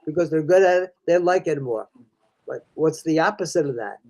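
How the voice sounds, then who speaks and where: A man's voice: fairly high pitch, animated, a little fast, darkish tone, poor audio. An older man, a reading specialist, explaining in a folksy conversational way, calling the listener "friend" and restarting his sentences often.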